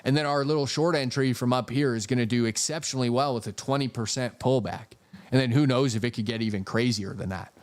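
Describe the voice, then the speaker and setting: A man's voice: medium pitch, fast talker. Profane, chatty man analyzing stock charts. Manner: profane, jokey, reads super chats aloud. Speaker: stock trading streamer. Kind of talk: casual live-stream market commentary.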